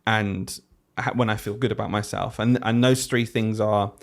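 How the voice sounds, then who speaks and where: A man's voice: lowish voice, moderate pace, vocal fry. A man, a teacher co-hosting a podcast, chatting casually and acting out quotes as he tells stories. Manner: animated storyteller, acts out quotes. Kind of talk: casual chat.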